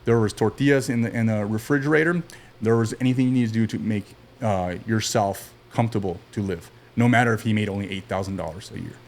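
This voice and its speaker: A man telling stories in a relaxed ramble. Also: fairly low pitch, quick pace. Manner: relaxed, rambling, frequent fillers and restarts. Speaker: podcast guest. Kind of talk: casual storytelling interview.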